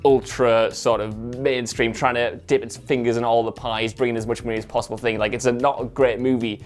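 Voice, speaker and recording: A man telling a comic anecdote to camera, wry with sarcastic asides. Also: medium pitch. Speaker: film pundit.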